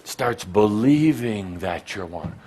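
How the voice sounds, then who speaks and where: A man's voice: lowish voice, animated, slow pace, darkish tone. A man giving a live spiritual talk to a gathering, playful and teasing, with an exaggerated, theatrical delivery. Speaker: spiritual teacher addressing a gathering.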